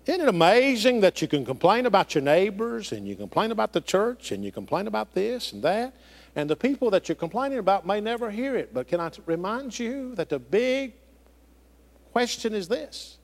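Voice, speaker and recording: A middle-aged pastor from the delivers a sermon with a voice that swoops between high and low. His pitch sits somewhat high for a man, and his phrasing is folksy and emphatic. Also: sing-song, normal speed, creaky. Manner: preaching with rising and falling emphasis, folksy phrasing.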